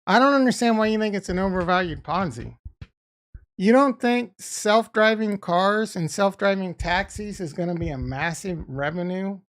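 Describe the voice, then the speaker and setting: A man's voice: high voice, moderate pace. A man with a Boston accent, chatting casually on a livestream, rambling and swearing as he answers chat. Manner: rambling, profane, talks back to chat. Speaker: crypto streamer reading chat.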